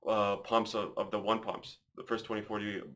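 A man's voice: fairly low pitch, level tone, moderate pace, a bit bright. A man co-hosting a casual podcast, talking loosely and swearing.

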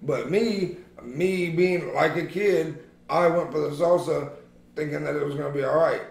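Podcast co-host, male, raspy and slightly high-pitched, rowdy storyteller. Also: moderate pace. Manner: profane, animated storyteller. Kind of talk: casual chat among friends. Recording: roomy echo.

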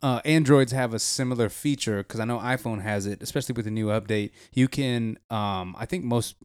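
A man's voice: medium pitch, fairly quick, smooth, dry recording, clean studio sound. A young man co-hosting a podcast in casual, profane, jokey chat. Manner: laid-back, profane, jokey. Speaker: podcast co-host.

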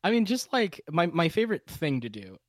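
A man's voice: a little high, very animated, a little fast, no room sound, clean studio sound. A young man, a game master guest, chatting casually, laughing often and restarting his sentences. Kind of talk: casual chat.

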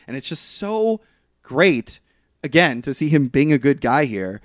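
Guy telling a movie plot, acts out the lines, slightly high voice, dead dry mic. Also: a little slow, no room sound. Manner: animated storytelling, quotes characters in put-on voices, laughs often. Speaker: podcast co-host. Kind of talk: casual movie recap chat.

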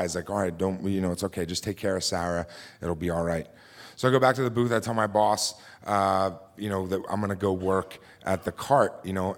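A man with a fairly low voice tells a true story from his own life before a live audience in a theater. He speaks loosely, with fillers and restarts. The recording is clean and close. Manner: conversational with frequent fillers and restarts.

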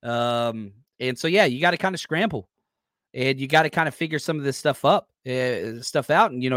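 Energetic man hosting a live sports podcast. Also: medium pitch, no echo, studio quality. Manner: energetic, loose, reads chat comments aloud. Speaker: podcast host.

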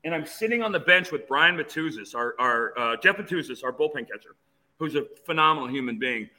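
A man's voice: fairly high pitch, fairly quick, rough recording. Tense-voiced man in his fifties. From Phoenix, USA. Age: 50s. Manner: animated storyteller with many restarts. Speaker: interview guest, former player. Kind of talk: storytelling in an interview.

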